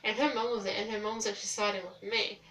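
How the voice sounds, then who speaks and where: A young woman, quietly and hesitantly recounting a personal story with many fillers. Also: mid-range voice, fairly even intonation, fast. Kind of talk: storytime vlog. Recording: distant mic in echoey room with faint hiss.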